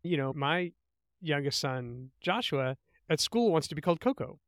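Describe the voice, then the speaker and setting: Animated middle-aged male guest. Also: fairly high pitch, normal speed, dry recording, clean studio sound. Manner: animated storyteller, thoughtful. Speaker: interview guest, writer. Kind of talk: conversational interview.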